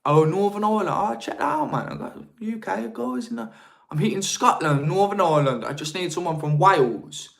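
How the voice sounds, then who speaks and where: A man's voice: high voice, lively intonation, fairly quick, creaky. Chatty man hosting a live stream. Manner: chatty and informal, slangy asides to viewers. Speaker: live-stream host on marketing. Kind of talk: casual live-stream talk, reading viewer chat.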